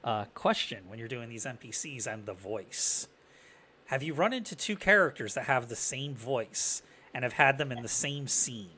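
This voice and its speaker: A man's voice: medium pitch, lively intonation, normal speed, pushed and bright, husky. A man hosting a podcast interview, asking casual, rambling questions. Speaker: podcast host.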